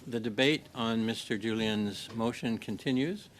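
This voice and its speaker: Brisk man chairing a committee. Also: mid-range voice, a little hiss or hum. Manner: brisk, procedural, with many filler sounds. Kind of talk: chairing a meeting. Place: committee room.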